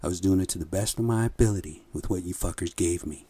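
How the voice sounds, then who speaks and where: A man's voice: low voice, fast, dark tone, slightly rough, no echo. A man hosting a podcast, telling a rambling, profane story in a casual monologue with frequent chuckles. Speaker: podcast host.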